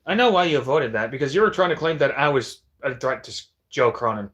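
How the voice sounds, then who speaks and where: A man's voice: medium pitch, lively intonation, fast, a bit bright. A man delivering a heated, profane, combative callout rant on a livestream.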